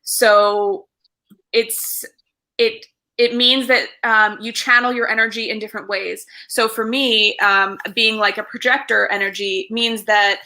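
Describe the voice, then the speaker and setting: A woman's voice: on the high side, fairly even intonation, a little slow, bright, forceful tone. A woman co-hosting a casual spiritual chat as a tarot student, chatty and searching for her words.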